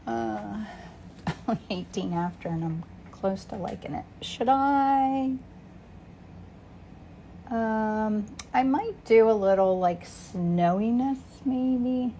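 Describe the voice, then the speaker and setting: A mellow, somewhat high voice, expressive and slow, carries a little hiss or hum in the recording. It belongs to a woman in her fifties hosting a live painting stream, talking through her process, greeting viewers by name, and sometimes dropping to a near whisper as she paints.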